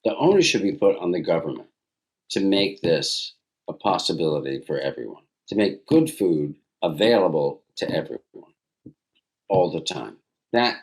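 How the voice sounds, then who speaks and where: A man in his sixties, a guest in a casual interview, telling stories in an animated way and acting out bits of dialogue. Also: deep voice. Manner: animated storyteller who acts out dialogue.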